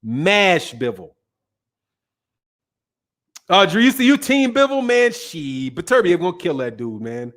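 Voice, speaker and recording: A boxing talk show host from Chicago runs a casual live stream, reading viewer comments and answering brashly, profanely, and emphatically, often repeating himself. His voice sits high, is very animated and a bit bright, and moves at a measured pace with long pauses.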